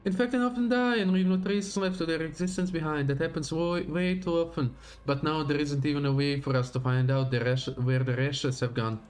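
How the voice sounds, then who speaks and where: On a livestream, a man reads aloud from a game story, voicing a stern, grim woman investigator who speaks low, slow and menacingly. His tone is steady and close to an everyday voice, with an accusing mood.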